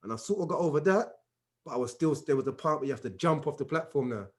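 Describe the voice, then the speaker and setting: A man's voice: on the high side, lively intonation, fast. A man in a casual group chat, animatedly telling a story and acting out the dialogue. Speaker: regular discussion member.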